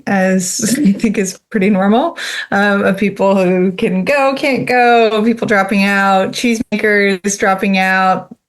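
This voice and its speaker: A woman guest on a podcast interview, friendly and hesitant, filling pauses with ums. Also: mid-range voice, steady tone. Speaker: guest filmmaker. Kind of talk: casual interview chat.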